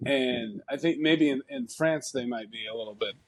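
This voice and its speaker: A man's voice: medium pitch, normal speed. A man co-hosting a podcast, rambling through a story with lots of "um" and "like". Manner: rambling, many fillers, laughs often. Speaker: podcast co-host. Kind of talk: casual chat.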